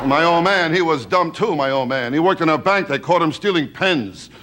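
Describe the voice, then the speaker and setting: A man doing stand-up, firing off rapid self-deprecating one-liners. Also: a little high. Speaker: stand-up comedian. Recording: noisy broadcast with loud audience.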